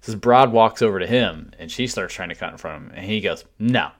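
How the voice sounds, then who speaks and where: Deep-voiced man telling a blunt, profane story. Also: fast talker. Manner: blunt and swearing freely. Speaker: podcast co-host.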